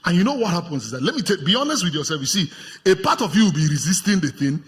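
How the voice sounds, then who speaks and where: A Nigerian man preaching a lively sermon to his congregation as pastor, acting out the voices of tempters in his stories. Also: sits high, fast talker. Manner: animated, acts out voices of tempters, laughs with congregation. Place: church hall with congregation. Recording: long hall reverb.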